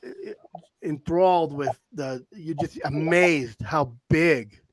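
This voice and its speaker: A man hosting a casual talk show, telling rambling, animated hunting stories with frequent restarts. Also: on the high side, slow, dry recording. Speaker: podcast host, hound hunter. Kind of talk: casual storytelling chat. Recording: dry close-mic sound.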